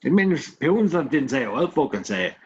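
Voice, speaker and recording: A man's voice: fairly high pitch, big pitch swings, fast talker, lo-fi sound, a little hiss or hum. An Irish man co-hosting a casual podcast, ranting with plenty of swearing and repeating words as he goes. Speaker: podcast co-host. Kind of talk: casual chat.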